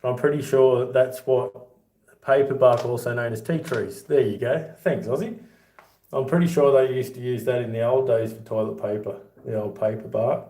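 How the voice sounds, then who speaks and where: A man's voice: medium pitch, normal speed, warm tone. A middle-aged Australian man hosting a casual livestream, telling stories and laughing through his own yarns. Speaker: livestream host. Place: home with boxed-up rooms. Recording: echoey room.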